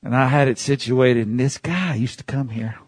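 Husky-voiced pastor preaching with swings. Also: male voice, medium pitch, moderate pace, no echo. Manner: swings from hushed asides to shouting, laughs often; calls on the congregation to repeat phrases. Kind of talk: sermon.

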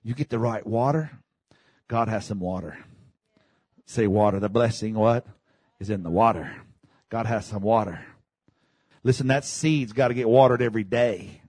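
A man preaching a sermon, dropping to low murmurs and rising to shouted peaks, leading the congregation in call and response. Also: normal speed, pauses often, husky, no echo. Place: church.

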